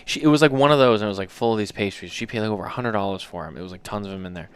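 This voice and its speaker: Man, 30s, podcast co-host, casual rambling chat, smooth resonant tone. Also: lowish voice, rapid-fire. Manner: rambling storyteller, many fillers.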